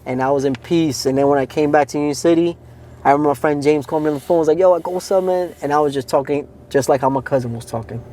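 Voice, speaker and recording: A man's voice: on the high side, steady tone, racing, dark tone, a little hiss or hum. A man co-hosting a podcast, telling his faith testimony in an earnest, casual way, often saying "like" and "man". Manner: earnest storytelling, heavy use of "like" and "man". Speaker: podcast co-host.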